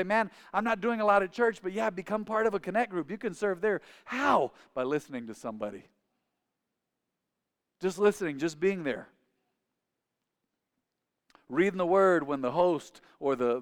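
A man's voice: a little high, smooth, big-room sound. A man preaching a sermon as pastor, conversational and full of stories and acted-out dialogue, recorded in a church.

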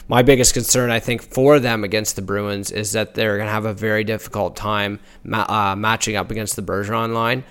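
Smooth-voiced man co-hosting a hockey chat. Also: lowish voice, flat delivery, fairly quick, hardly any pauses, a bit bright. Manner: blunt, indignant, swearing. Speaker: podcast co-host. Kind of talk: casual sports chat.

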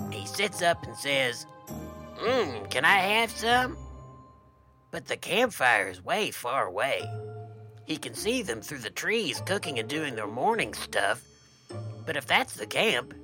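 A man co-hosting a comedy podcast, telling a campfire tale with a folksy, deadpan drawl. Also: medium pitch. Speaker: podcast co-host and storyteller.

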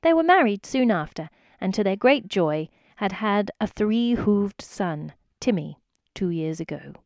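A woman reads a children's story aloud, bringing life to every sentence with her storytelling. Her voice sits in a middle pitch and is recorded dry and close to the mic. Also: measured pace, no echo. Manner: expressive, lively storytelling. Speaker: narrator. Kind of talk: storybook reading.

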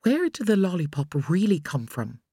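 A woman's voice: fairly low pitch, big pitch swings, normal speed, mellow, slightly rough, dry recording, clean studio sound, heavily acted. A woman voicing an anxious young mother. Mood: worried. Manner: firm, worried.

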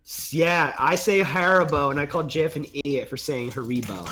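A young man in casual chat among friends, joking and animated as he tells stories. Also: on the high side, moderate pace, a crowd in the background.

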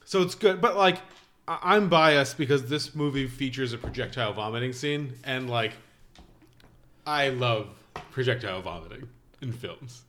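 A man's voice: mid-range voice, expressive, normal speed, fairly bright tone. A man co-hosting a casual film review podcast, talking enthusiastically and swearing casually. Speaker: podcast co-host.

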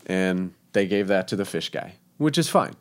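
A man casually telling a story about working as a cook, animated and laughing often. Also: sits low, normal speed. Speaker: guest telling a kitchen story.

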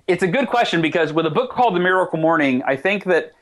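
A man's voice: sits high, lively intonation, fairly bright tone. A man being interviewed as an author, talking eagerly and often restarting his sentences. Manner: eager, quick restarts, self-corrections. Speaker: author and guest. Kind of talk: animated interview talk.

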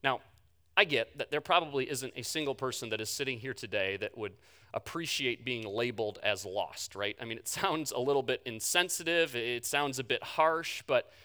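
A man preaching a sermon, telling the story with animation and swinging from loud bursts to hushed words. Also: medium pitch, normal speed, clear, resonant tone. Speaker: pastor.

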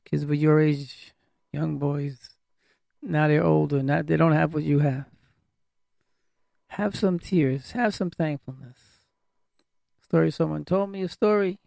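Man preacher, high-pitched and very gravelly, urging and repeating himself. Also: steady tone, measured pace, long pauses, darkish tone, no room sound, studio quality. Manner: emphatic, repetitive, exhorting. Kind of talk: sermon.

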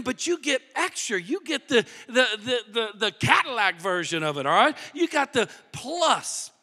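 A man preaching a sermon in a lively, animated way, dropping to hushed emphasis at times. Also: extremely high pitch, moderate pace, hardly any pauses. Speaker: pastor. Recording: long hall reverb.

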